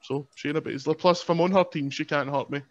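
A man's voice: a little high, steady tone, quick pace. A man with a Scottish accent chatting as a podcast guest, joking and rambling in a self-mocking way. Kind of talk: casual chat. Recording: lo-fi, dull sound.

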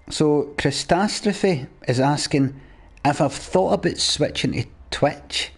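A man's voice: mid-range voice, a little mellow, slightly rough. A young man live-streaming a game, chatting casually and ranting at his viewers with plenty of swearing. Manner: sweary, ranting at chat in a mock-exasperated way.

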